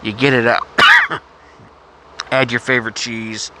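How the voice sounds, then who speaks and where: A man's voice: medium pitch, flat delivery, unhurried, background noise. A man with a cough talking in a rambling, blunt, profane casual monologue, often stopping to cough. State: has a cough. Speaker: vlogger.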